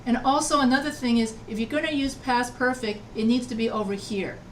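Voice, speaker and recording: A woman's voice: on the high side, steady tone, brisk, far from the mic, slight background noise. A woman writing instructor teaching an online class, patiently repeating answers and checking that students follow. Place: video call from home.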